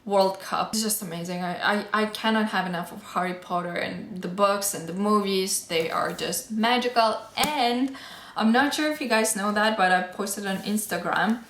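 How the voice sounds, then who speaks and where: A young woman talks casually to camera about the books she has read, chatty and gushing, leaning on "um" and "like." Her voice sits at an ordinary middle pitch. The sound bounces around an echoey room. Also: normal speed, a bit bright, a little hiss or hum. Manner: chatty, gushing, filler words like "like" and "um". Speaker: book vlogger. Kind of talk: casual book review chat.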